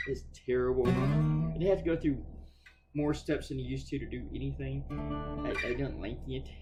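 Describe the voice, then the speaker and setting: A man rambles casually in a loose, sarcastic monologue, swearing freely and circling back on himself. His voice sits at an ordinary middle pitch. Soft guitar music plays faintly behind him. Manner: chatty, profane and sarcastic, with frequent restarts. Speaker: cartoonist talking while drawing.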